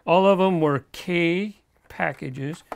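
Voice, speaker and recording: A man's voice: a little high, slow pace, vocal fry, a little hiss or hum. A man hosting his own toy car unboxing video, talking in an easygoing, chatty way and chuckling now and then between remarks. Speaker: toy car collector host. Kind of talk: casual unboxing commentary.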